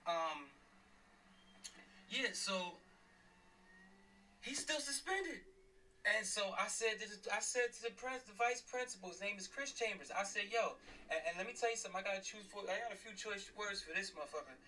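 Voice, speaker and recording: A man's voice: sits high, lively intonation, normal speed, pushed and bright, far from the mic, slight background noise, low-quality recording. A middle-aged man, a father and former police officer, ranting angrily and bluntly while driving, swearing and repeating himself for emphasis. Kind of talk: heated livestream rant. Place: in a car, driving.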